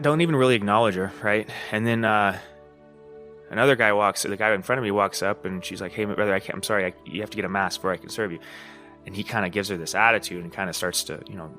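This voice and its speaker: A man's voice: lowish voice, bright, forceful tone. A man hosting a podcast, talking casually in a rambling monologue, swearing, laughing and often asking "you know what I mean?". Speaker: podcast host.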